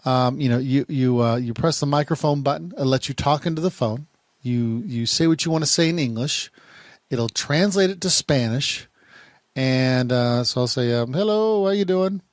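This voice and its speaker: A man's voice: mid-range voice, moderate pace, no room sound, studio quality. A man working as a private investigator, casually reviewing phone apps in a rambling way, often repeating words and restarting sentences. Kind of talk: casual talking-head app review.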